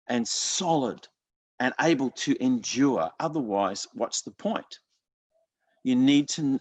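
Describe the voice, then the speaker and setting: A man's voice: medium pitch, darkish tone, no echo. A man preaching a sermon in an earnest, conversational way, often restarting his sentences. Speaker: pastor.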